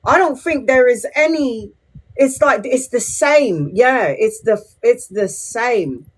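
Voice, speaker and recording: A woman's voice: fairly high pitch, expressive, slow pace. Sweary chatty woman in her forties. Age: 40s. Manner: chatty, blunt and sweary, talking straight to viewers. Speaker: tarot reader on a livestream. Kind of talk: casual livestream chat to viewers.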